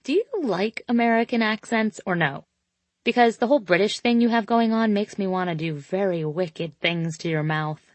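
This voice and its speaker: A woman's voice: mid-range voice, moderate pace, no echo, close to an everyday voice. A woman voicing a playful, tipsy young woman who asks bold questions.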